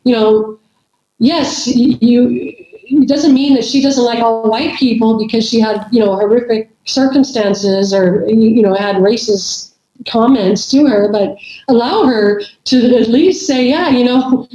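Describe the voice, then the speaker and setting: A woman's voice: fairly high pitch, a little slow, warm tone. A middle-aged woman, a podcast guest, chatting casually and rambling with many restarts. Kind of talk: casual conversation. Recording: echoey, dull remote audio.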